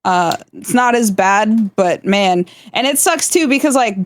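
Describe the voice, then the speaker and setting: A woman's voice: medium pitch, expressive, unhurried. Laughing, swearing woman on stream. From South Florida. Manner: laughs often, swears freely. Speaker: stream guest. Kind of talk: casual chat.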